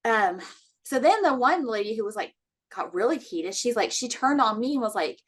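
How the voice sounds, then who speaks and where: A woman with a fairly high voice chats on a casual podcast. She is an animated storyteller who laughs often and leans on fillers as she talks. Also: normal speed. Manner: chatty, many fillers. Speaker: podcast co-host.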